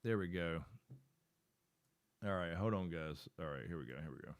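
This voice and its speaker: A middle-aged man hosts a live stream from his home setup in a casual, rambling way. He thinks aloud as he works his screen. His voice sits low and sounds dry and close, with no room echo. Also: lively intonation, normal speed.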